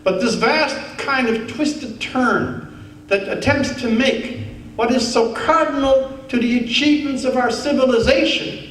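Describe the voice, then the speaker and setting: Keynote speaker, man, wry and animated orator; high voice, faint room noise behind. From Newfoundland, Canada. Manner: animated, wry, building to earnest rhetoric. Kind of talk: humorous storytelling speech. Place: large conference hall. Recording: echoey hall, heard from far off.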